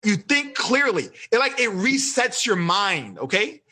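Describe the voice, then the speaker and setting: A man leads a seminar for teenagers, firing quick questions at his audience and pushing ahead with energy. His voice sits high for a man, with a bright, forceful tone. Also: very animated, breathy edge. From Texas. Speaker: life coach teaching teens. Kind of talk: live online seminar.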